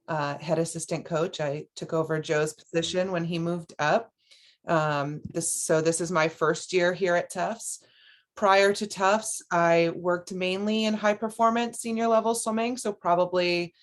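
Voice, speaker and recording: A woman who is an assistant swim coach, introducing herself on a video call panel and using plenty of fillers. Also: fairly low pitch.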